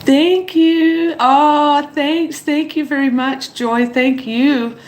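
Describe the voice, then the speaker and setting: Slow-talking woman, teary livestream chat. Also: high-pitched, fairly even intonation. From Montreal, Canada. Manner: slow, halting, emotional, with many fillers and apologies. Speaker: channel host on a livestream. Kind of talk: casual livestream chat, reading viewer comments.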